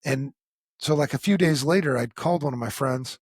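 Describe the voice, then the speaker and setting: A middle-aged man tells his own story as a podcast host. His voice is husky and his delivery is blunt and casual, full of profanity. He acts out quoted dialogue as he talks, and the close mic gives a dry, intimate sound. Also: medium pitch, a little fast, no echo. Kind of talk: candid conversational storytelling.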